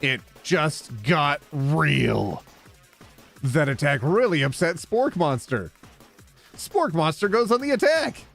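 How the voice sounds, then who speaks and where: A young man streaming a dating sim, reading the game's text aloud with playful commentary, animated and quick to yelp. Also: on the high side, gravelly, soft background music. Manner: animated, jumping from flat reading to excited yelps.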